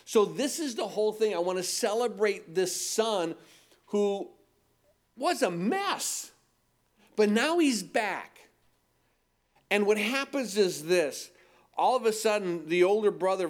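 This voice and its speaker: High-voiced man preaching a sermon. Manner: emphatic, repeats phrases and asks rhetorical questions. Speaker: pastor.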